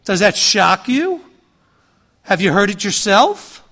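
High-voiced male preacher, conversational sermon, mimics scoffers, rhetorical questions. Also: sing-song, slow, bright, forceful tone. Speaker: pastor.

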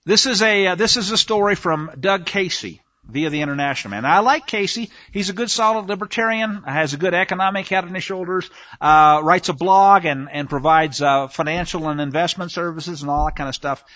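A man's voice: high-pitched, brisk, pushed and bright, no echo, muffled recording. A man hosting a talk radio show in a rambling, emphatic monologue, with frequent restarts. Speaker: radio host.

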